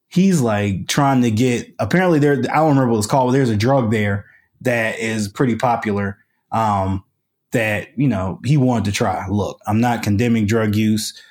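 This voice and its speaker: A man's voice: medium pitch, animated, normal speed, a little mellow. A man, a podcast guest, telling a story in a casual, colloquial way with lots of fillers and restarts. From United States.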